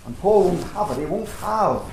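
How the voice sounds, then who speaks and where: A man's voice: high-pitched, expressive, moderate pace, a little mellow, a little hiss or hum. Earnest man preaching in a roomy church. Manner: earnest, emphatic preaching with rhetorical questions. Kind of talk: sermon.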